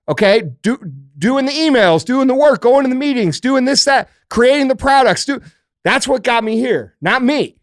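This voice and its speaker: A man's voice: high-pitched, a bit bright, no echo, clean studio sound. A man hosting a podcast, talking in a profane, emphatic way and acting out the thoughts of the people he describes. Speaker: podcast host. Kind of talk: casual podcast chat.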